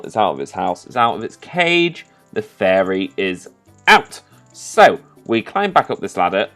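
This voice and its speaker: A man giving casual, sweary commentary over a video game, bursting into loud, excited outbursts. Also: sits low. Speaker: gaming commentator. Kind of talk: post-play game commentary.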